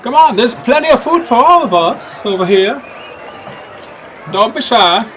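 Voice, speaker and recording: A man's voice: extremely high pitch, expressive, measured pace, fairly bright tone, slight background noise, voice pushed up, heavily acted, rough recording. A man voicing a chatty, hospitable cat-folk woman with a thick Southern drawl in a tabletop game. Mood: welcoming. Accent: American Southern drawl, put on. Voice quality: drawling, folksy. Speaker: player. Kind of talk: tabletop role-play voice.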